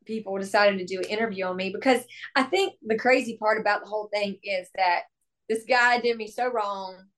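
A young adult woman, a country singer-songwriter, telling stories in a casual interview with animated, exclamatory delivery and acted-out dialogue. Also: mid-range voice, a little fast.

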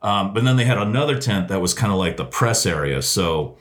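A very low-voiced man tells a story in relaxed podcast chat. He swears freely and trips over fillers and restarts, and he throws in lively voices when he quotes people. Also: brisk. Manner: loose and profane, with many fillers and restarts. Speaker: radio host, podcast guest.

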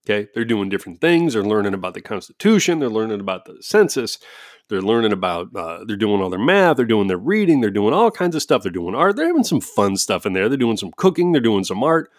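Man, casual home monologue, profane, sarcastic, lively pitch swings, dry close sound. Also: a little fast, dry recording. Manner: animated, profane, sarcastic, frequent laughs. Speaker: parent with kids at home.

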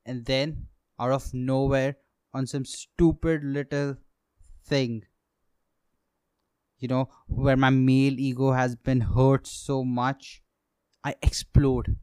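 Young man, comedy podcast host, profane, self-mocking, mid pitch, smooth, dry. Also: little pitch movement, takes it slowly, pauses often, a little mellow, no room sound. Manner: profane, self-mocking, acts out heated quotes. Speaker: podcast host, aspiring stand-up comic. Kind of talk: solo comedic monologue.

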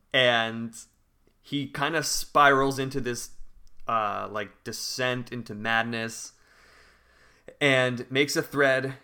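Bright-voiced man telling a story. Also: medium pitch. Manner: reads forum posts aloud, breaking into laughter. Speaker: podcast co-host telling a story. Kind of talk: casual podcast storytelling.

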